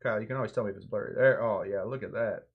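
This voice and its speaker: A man's voice: on the low side, fairly even intonation, very fast, husky, phone-quality sound. A man hosting a casual drinks livestream, rambling and hesitant, bluntly critical of what he tastes. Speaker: livestream drinks show host.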